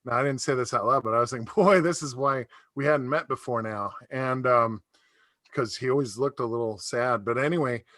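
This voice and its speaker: Bright-voiced man telling jokes on a video call. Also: medium pitch, brisk, dry recording. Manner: jokey storytelling, laughs at own jokes. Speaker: stand-up comedian. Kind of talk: stand-up comedy set over video call.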